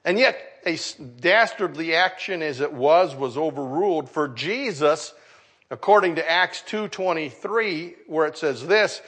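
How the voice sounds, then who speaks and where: A middle-aged male pastor preaching a sermon, building emphasis and letting line endings fall soft. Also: fairly high pitch, expressive, a little slow, husky.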